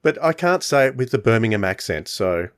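Easygoing podcast host. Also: male voice, medium pitch, very animated, brisk. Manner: friendly, easygoing with small hesitations. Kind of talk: casual chat.

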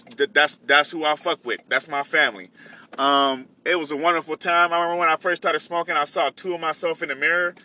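Bright-voiced young man rambling in a car. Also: on the high side. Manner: loose, rambling, many restarts and fillers. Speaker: podcast host and delivery driver. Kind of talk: casual rambling monologue.

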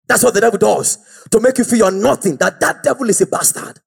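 A man preaching a fiery, exhorting sermon and often shouting out to the congregation. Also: sits high, fairly quick, creaky, slightly rough.

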